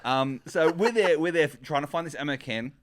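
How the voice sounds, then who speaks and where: A man's voice: fairly high pitch, fairly quick. A man co-hosting a travel podcast, telling stories in a rambling casual chat full of restarts and asides. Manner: chatty storyteller, restarts and tumbling asides. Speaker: podcast co-host.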